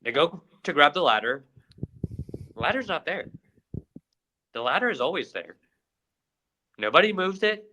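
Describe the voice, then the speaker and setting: A young man co-hosting a podcast, recounting events with lively energy. His voice is bright and forceful. He tells the story casually and animated. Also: a little high, normal speed, pauses often, slight background noise, poor audio. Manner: animated retelling with acted-out quotes. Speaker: podcast co-host.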